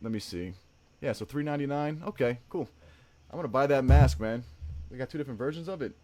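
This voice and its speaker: A man's voice: medium pitch, fast, warm tone. A man hosting a casual livestream, rambling and joking, often tacking "man" onto his sentences and laughing. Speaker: livestream host.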